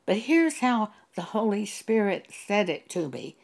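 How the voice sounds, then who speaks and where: A woman preaching a sermon in a slow, measured teaching manner. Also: medium pitch, very animated, darkish tone. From Texas.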